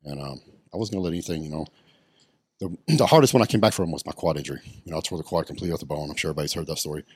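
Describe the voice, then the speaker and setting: A man's voice: extremely low pitch, very fast, a little mellow, breathy edge, no room sound, clean studio sound. A middle-aged man, telling his story bluntly in a casual podcast interview, swearing often. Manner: blunt and profane, many ums. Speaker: podcast guest, retired bodybuilder.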